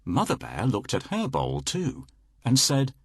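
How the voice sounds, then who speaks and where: Children's storyteller, male, slow and lively, slightly husky, dry close recording. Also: mid-range voice, no echo. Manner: slow, expressive read-aloud.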